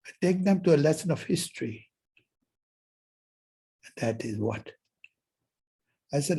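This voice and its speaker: A man's voice: on the high side, animated, unhurried, creaky, pauses often, dark tone, husky. A man giving a university lecture as professor, telling stories and acting out the dialogue. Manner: storytelling, acts out dialogues. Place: lecture hall.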